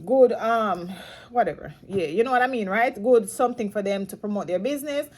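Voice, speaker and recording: A woman from Jamaica gives a loose, rambling vlog commentary, often restarting her sentences and pressing her points with emphasis. She sounds saddened and emotional. Her voice sits slightly high. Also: animated, brisk, a little mellow. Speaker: commentary vlogger. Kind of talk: casual commentary monologue.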